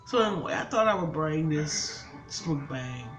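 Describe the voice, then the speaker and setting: A woman's voice: sits low, lively intonation, moderate pace, music in the background, low-quality recording. An older woman and grandmother, talking casually to her viewers in a vlog, upset and pleading for advice. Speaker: mukbang vlogger.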